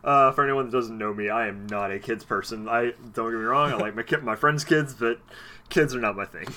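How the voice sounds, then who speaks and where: A man's voice: medium pitch, fairly quick, bright, forceful tone. A man co-hosting a podcast in casual chat, making blunt, joking asides. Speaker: podcast co-host.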